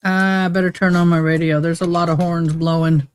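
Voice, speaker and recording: A woman's voice: lowish voice, little pitch movement, moderate pace, no room sound, studio quality. A woman chatting casually on a livestream in a folksy, rambling way. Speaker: livestream host.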